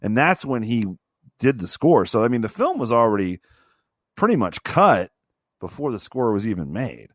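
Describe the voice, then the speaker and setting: A man's voice: mid-range voice, very animated, moderate pace, no room sound. A young man co-hosting a podcast, talking with emphatic enthusiasm and the occasional swear. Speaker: podcast co-host. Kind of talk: casual movie review chat.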